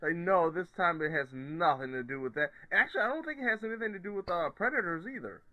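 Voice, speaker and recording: A man's voice: sits high, expressive, fast talker, highs cut off. A man co-hosting a podcast, chatting casually about films and laughing often. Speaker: podcast co-host. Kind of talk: casual film review chat.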